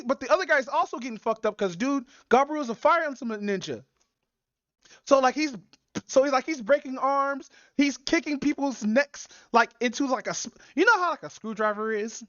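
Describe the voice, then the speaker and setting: High-pitched woman host, loose profane storyteller, recorded dry and dull. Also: fairly bright tone, no room sound. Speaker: podcast host. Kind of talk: casual chat.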